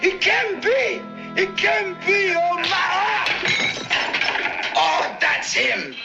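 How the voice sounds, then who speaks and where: A man playing an excitable old male Russian servant in a film, with a Russian accent, crying out with joy and whispering secrets. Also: fairly high pitch, slow pace, gravelly, dull audio, over loud music, full character voice. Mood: overjoyed. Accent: Russian, put on. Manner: wildly swooping, cries out with joy, whispers secrets.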